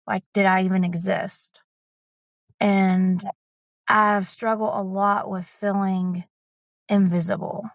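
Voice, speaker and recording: Emotional, animated woman, dry sound. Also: mid-range voice, gravelly, no room sound. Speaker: coaching client. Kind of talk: candid personal account.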